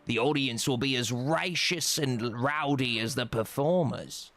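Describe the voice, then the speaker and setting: A gravelly, wry game narrator. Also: male voice, mid-range voice, a little slow, fairly bright tone.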